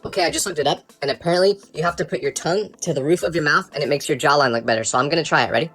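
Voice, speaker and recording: Animated man telling comic stories. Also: on the high side, very fast, few pauses, faint music behind. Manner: animated, jumps to exaggerated outbursts. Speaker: storyteller. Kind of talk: comedic storytime monologue.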